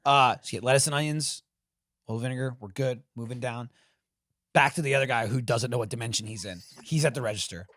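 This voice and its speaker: A man co-hosting a podcast, telling a profane, animated story in a casual chat and acting out the people in it. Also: mid-range voice, fast, dry recording. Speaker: podcast co-host.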